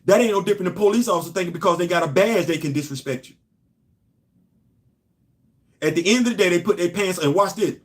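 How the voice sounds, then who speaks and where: This middle-aged New Yorker hosts a casual opinion show, talking fast but pausing often. His emphatic delivery swings between loud points and low asides.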